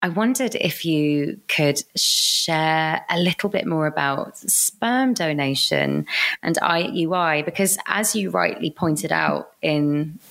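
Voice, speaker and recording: A woman hosting a podcast, interviewing with a gentle, affirming, soothing manner. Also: deep voice, very animated, slow, creaky. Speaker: podcast host.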